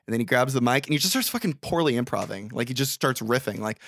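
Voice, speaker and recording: A young man co-hosting a podcast, recapping a movie in casual, comedic chat, swearing freely and laughing loudly. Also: mid-range voice, expressive, fast, no echo, clean studio sound.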